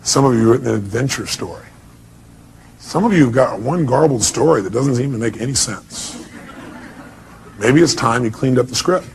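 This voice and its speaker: A man's voice: fairly high pitch, gravelly, a little hiss or hum. A man giving a motivational speech to a live audience, emphatic and blunt, constantly firing rhetorical questions. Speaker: motivational speaker.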